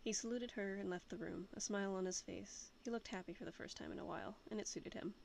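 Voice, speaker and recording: A woman reading fan fiction aloud as a podfic, in a steady narrating voice. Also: mid-range voice, fast, creaky, a little hiss or hum. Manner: casual, friendly sign-off. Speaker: podfic reader.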